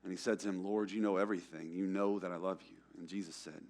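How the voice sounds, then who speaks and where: A young man with a slightly low voice preaches in a church, talking like a friend rather than from a pulpit. He acts out the characters in quick asides, rising loud and excited, then dropping to a near hush. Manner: conversational preaching with casual slang and acted-out quotes; swings from loud and emphatic to low and hushed. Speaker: pastor. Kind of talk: sermon.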